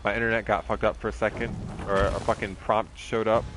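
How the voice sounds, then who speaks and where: A man's voice: fairly low pitch, level tone, brisk, noisy background. A man streaming a game, chatting in a rambling, profane way with lots of fillers. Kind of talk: casual chat while streaming a game.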